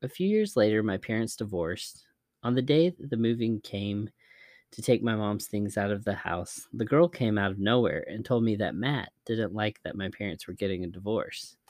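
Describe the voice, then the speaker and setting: A man narrating scary stories in a measured, even storytelling manner. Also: on the low side, no room sound, clean studio sound.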